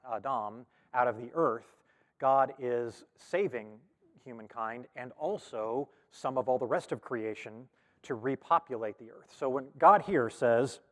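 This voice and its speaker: A male pastor talks through a Bible passage in a relaxed, conversational way. He often stops with an um, restarts or corrects himself. His mid-pitched voice rings with the long reverb of a big church hall. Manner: conversational, with frequent fillers and self-corrections. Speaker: pastor teaching a Bible study. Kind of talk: casual Bible study teaching.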